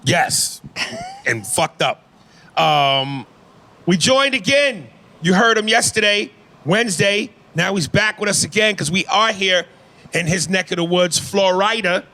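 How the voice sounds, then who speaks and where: A man's voice: high voice, animated, unhurried, sharp tone. A man hosting a podcast, talking brashly and profanely in casual comedic chat and reading emails aloud. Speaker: podcast host.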